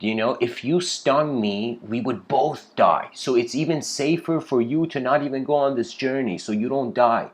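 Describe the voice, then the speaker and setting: Man plays a relaxed, practical frog from a fable, low and casual. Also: normal speed, hardly any pauses, lightly acted. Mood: matter-of-fact. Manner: casual, low and matter-of-fact.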